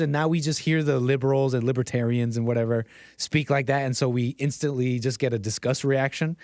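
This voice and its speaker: A man's voice: medium pitch, a little fast, a little mellow, no echo, clean studio sound. A man live-streaming a casual, rambling monologue, often laughing at himself and restarting his sentences. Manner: rambling, self-deprecating, frequent laughs and restarts.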